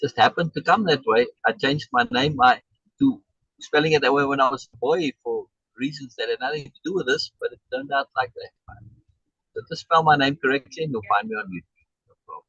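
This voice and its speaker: Gravelly, emphatic male life coach. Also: medium pitch, lively intonation, a little fast, a bit bright, no room sound, highs cut off. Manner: emphatic, repeats key words for stress. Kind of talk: coaching over a video call. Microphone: video call.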